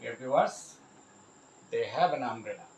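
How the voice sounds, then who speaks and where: A man teaching English grammar, repeating each example sentence slowly and addressing his viewers directly. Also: medium pitch, expressive, darkish tone, reverberant, slight background noise, low-quality recording. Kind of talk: grammar lesson.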